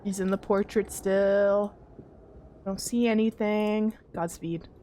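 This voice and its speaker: A woman's voice: mid-range voice, fairly even intonation, slow, warm tone, a little hiss or hum. A young woman streaming a horror game, jittery and talking to her chat as she checks things off aloud. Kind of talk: casual horror game let's play.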